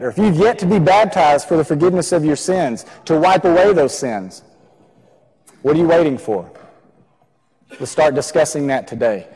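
A man's voice: a little high, animated, moderate pace, pauses often, darkish tone, breathy edge. A man preaching a sermon in a church, earnest, repeating key phrases for emphasis. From Texas. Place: church sanctuary. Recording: long reverb of a church hall.

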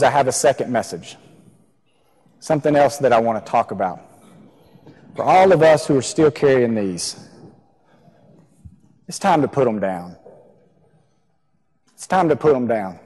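A man's voice: on the high side, a little mellow, slightly rough. A man preaching a sermon in a church, earnest, repeating key phrases for emphasis. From Texas. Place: church sanctuary. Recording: long reverb of a church hall.

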